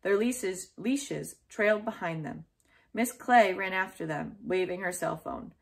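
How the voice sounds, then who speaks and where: A woman reading a children's chapter book aloud in a clear, steady storytelling way. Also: mid-range voice, unhurried.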